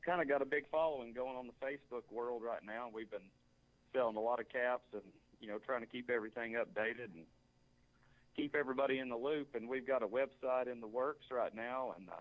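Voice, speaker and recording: A man's voice: medium pitch, a little fast, phone-quality sound. A man, a bullfighter guest on a talk show, answering in a polite, plain-spoken way. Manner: polite, plain-spoken, says "yes, sir". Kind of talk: interview answers.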